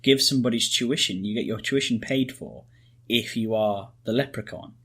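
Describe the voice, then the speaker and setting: A man's voice: fairly low pitch, normal speed, a bit bright, breathy edge. A man co-hosting a podcast, chatting casually and rambling with jokes and restarts. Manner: rambling, joking, restarts often. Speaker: podcast co-host. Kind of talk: casual chat.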